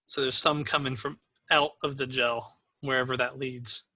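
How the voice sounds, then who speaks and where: Man, game master, tabletop role-play narration, very bright voice, dry close sound, easygoing with fillers. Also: medium pitch, little pitch movement, moderate pace, dry recording, rough recording. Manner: easygoing, with many fillers, still learning the player names.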